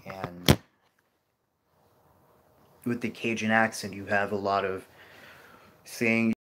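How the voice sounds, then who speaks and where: A man's voice: fairly low pitch, steady tone, slow, heavy background noise. A man giving a casual geography lecture over a map, rambling with many fillers and restarts. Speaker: geography educator.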